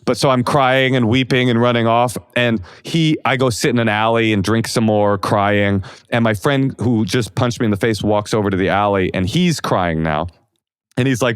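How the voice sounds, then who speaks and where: A man in his forties from Oakland, a comedian guest telling self-deprecating stories in a casual interview, animated and full of fillers. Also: medium pitch, normal speed, clear, resonant tone, dry recording, clean studio sound. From Oakland, California.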